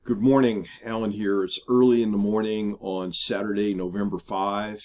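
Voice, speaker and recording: A man's voice: fairly low pitch, flat delivery, normal speed, darkish tone. A middle-aged man vlogging casually about his RV travels, chatty and explanatory with frequent fillers. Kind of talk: casual vlog talk to camera. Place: RV park outdoors.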